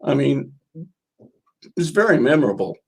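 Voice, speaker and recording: Older guy with a gravelly voice, rambling through old road stories, coughs now and then. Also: mid-range voice, sing-song, measured pace, darkish tone. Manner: rambling anecdotal, reads from his own book. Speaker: guest musician. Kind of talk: storytelling interview.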